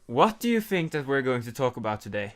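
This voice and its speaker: A man's voice: medium pitch, sing-song, a little fast, fairly bright tone. Young guy hosting a chill podcast, jokey and teasing. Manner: joking, teasing banter. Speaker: podcast host. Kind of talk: casual chat.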